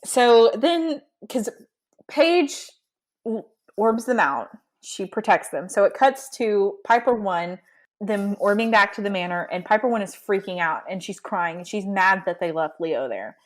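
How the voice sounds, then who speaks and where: A woman's voice: medium pitch, animated, measured pace. A woman co-hosting a podcast, recapping a book in casual chat with indignant asides. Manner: chatty, indignant asides, retells scenes with quoted lines. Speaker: podcast co-host.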